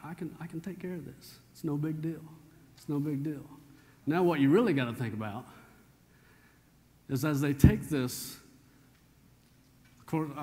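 A pastor with a medium-pitched, darkish voice preaches a sermon in a church sanctuary, telling stories in a folksy, conversational way. The recording carries church hall reverb.

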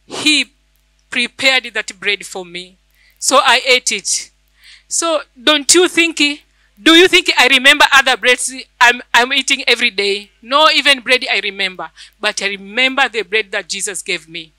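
A woman's voice: fairly high pitch, bright, forceful tone, no room sound, low-quality recording. Fervent woman preaching. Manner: fervent, repeats phrases for emphasis. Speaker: church elder preaching. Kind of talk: sermon with personal testimony.

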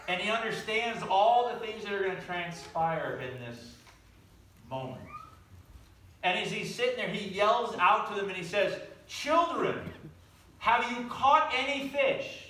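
A man's voice: on the high side, bright, forceful tone, a little hiss or hum. A man preaching a sermon, telling the story animatedly and asking the audience questions. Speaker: pastor. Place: church sanctuary. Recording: echoey room, from far off.

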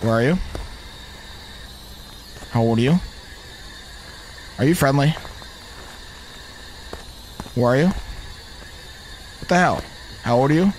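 Animated young man streaming a game. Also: medium pitch, takes it slowly, pauses often, slight background noise. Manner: animated, repetitive questioning, excitable. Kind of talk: live gameplay commentary.

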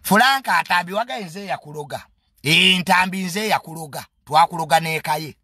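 A man's voice: on the high side, a little fast, sharp tone, no echo, studio quality. A man with a Ugandan accent giving a casual, comedic monologue in a mocking, boastful tone and mixing English phrases into his talk.

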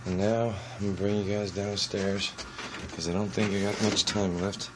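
A man talking casually about his lizards at home, softly cooing to them as he handles them on a handheld camera. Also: on the low side, level tone, normal speed, background noise. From United States. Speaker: reptile keeper. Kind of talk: casual vlog with pet updates. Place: at home among reptile enclosures.

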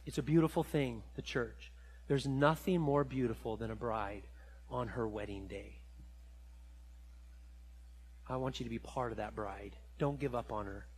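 A man preaching a sermon in a church, telling stories with animated rises and dropping low and quiet for reflective points. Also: a little slow, long pauses, long reverb tail, slight background noise. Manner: animated storytelling, rising high when excited, dropping low and quiet for reflection. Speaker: pastor. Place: church sanctuary.

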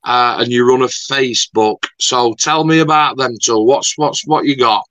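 A man's voice: mid-range voice, moderate pace, fairly bright tone, no echo, rough recording. A man interviewing a guest in a rambling, chatty, mildly sweary way. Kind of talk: casual video-call interview.

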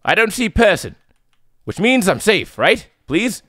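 Jittery horror gamer, male, bright lively voice that shoots up into yells. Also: high-pitched, a little slow, dry recording, studio quality. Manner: yells and screams when scared; jittery, nervous joking. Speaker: let's play gamer. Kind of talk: horror game playthrough commentary.

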